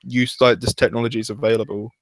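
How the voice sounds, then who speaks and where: A man's voice: mid-range voice, little pitch movement, fast talker, no echo. A young man chatting casually as a fan reviewer, hesitant and full of restarts and fillers. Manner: hesitant, restarts often, uses "like" a lot. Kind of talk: casual chat.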